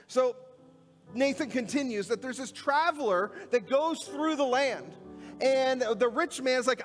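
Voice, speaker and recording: A man's voice: extremely high pitch, lively intonation, measured pace, in a large hall, soft background music. A male pastor preaching a sermon in a church, retelling a scripture story in everyday, conversational words. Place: church sanctuary.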